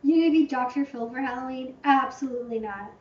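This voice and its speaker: Woman livestream host, chatty and rambling, fond of hyperbole; distant mic, dull boomy sound. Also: quick pace, darkish tone. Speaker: channel host answering viewer questions. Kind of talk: casual livestream Q&A. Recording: echoey room, distant muffled mic.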